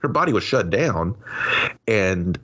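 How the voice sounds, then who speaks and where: A man's voice: lowish voice, expressive, unhurried, fairly bright tone, slightly rough, lo-fi sound. A man co-hosting a movie review podcast, chatting casually and sarcastically, acting out characters as he recaps. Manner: laughing, sarcastic, voices characters while recapping. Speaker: podcast co-host.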